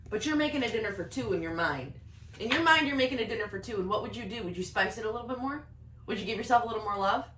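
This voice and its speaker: A woman giving a casual, excitable tarot reading to camera from her home office, often laughing. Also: on the high side, far from the mic, slight background noise. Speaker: tarot reader. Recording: roomy echo, voice a bit off-mic.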